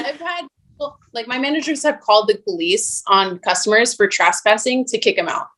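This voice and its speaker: A young woman, a podcast guest, chatting casually and bluntly, telling animated stories full of "like". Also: fairly high pitch, brisk. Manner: blunt, animated storytelling with lots of "like". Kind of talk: casual chat.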